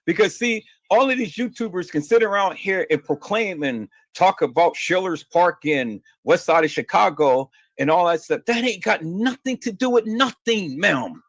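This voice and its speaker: A man's voice: high voice, lively intonation, normal speed, hardly any pauses, a bit bright, dry recording. A man hosting a livestream and answering viewer questions, emphatic and insistent, often stammering and repeating words. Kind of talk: heated livestream talk.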